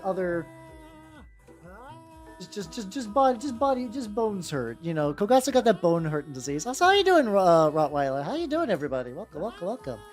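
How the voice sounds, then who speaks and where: Faint music plays as a woman with a lowish, darkish voice streams her miniature painting. Her talk is a casual ramble full of free swearing, and she greets her chat by name.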